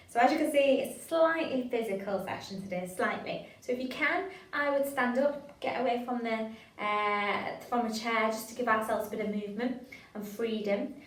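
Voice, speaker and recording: A woman leading an online drama workshop, talking in an encouraging, chatty way with frequent "um"s as she explains warm-up games. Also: medium pitch. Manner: encouraging, chatty, hesitant with fillers. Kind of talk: online drama class instruction. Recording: roomy sound from a distance to the mic.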